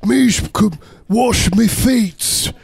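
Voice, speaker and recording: A man voicing Jesus as a cheeky Cockney bloke, in a high, cartoonish voice with mangled grammar. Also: drawn-out words, creaky, slightly rough, no room sound, clean studio sound, exaggerated voice. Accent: Cockney put-on.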